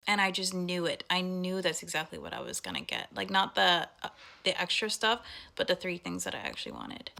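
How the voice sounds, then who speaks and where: A woman's voice: lowish voice, fairly quick, creaky, pushed and bright. A young adult woman talking through a heartfelt personal monologue, chatty and full of fillers. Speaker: vlogger.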